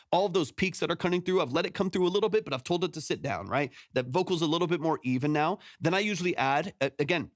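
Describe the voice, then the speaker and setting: A man's voice: fairly high pitch, dry recording. Chatty man with a close, dry studio mic. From San Antonio, Texas. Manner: rambling, self-correcting, often tags "right?". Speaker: music producer and mix engineer giving feedback. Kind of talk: casual livestream teaching. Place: home studio. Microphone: close studio microphone with compression.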